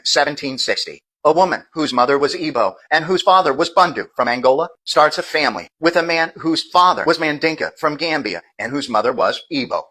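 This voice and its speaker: Bright-voiced man explaining step by step. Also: on the high side, poor audio. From United States. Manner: measured, lecturing, building arguments step by step. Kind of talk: explanatory monologue clip.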